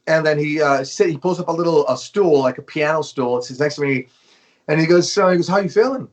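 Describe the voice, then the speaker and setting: A drummer in his fifties from Los Angeles, USA, appears as a guest in a casual interview, telling an animated, profane story packed with fillers. His voice sits on the high side.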